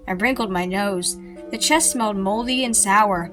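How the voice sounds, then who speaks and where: Mom reading a kids' book at bedtime, dramatic and lively, kinda high-pitched. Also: female voice, normal speed, soft background music. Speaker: parent reading to her kids. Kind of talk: storybook read-aloud.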